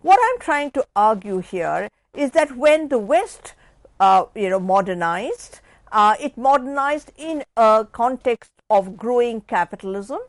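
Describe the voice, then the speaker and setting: A woman giving a measured academic lecture, restating her points and stressing key words before letting phrases trail off. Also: on the high side, expressive, no room sound. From India. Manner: measured, restates points, rising emphasis then dropping off.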